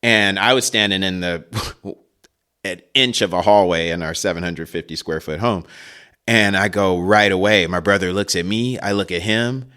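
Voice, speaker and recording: A man's voice: low voice, normal speed, pushed and bright, clean tone. A man in his forties hosting a podcast, telling a rambling story in casual chat with chuckles and side remarks into a podcast mic. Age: 40s. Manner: rambling, chuckling, frequent asides. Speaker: podcast host.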